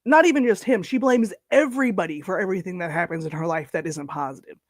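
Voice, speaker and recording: A man reacting on a stream in a high, lively voice, blunt and mocking. His swearing is casual and his delivery scornful. The sound is dry and close. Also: quick pace, dry recording. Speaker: stream co-host.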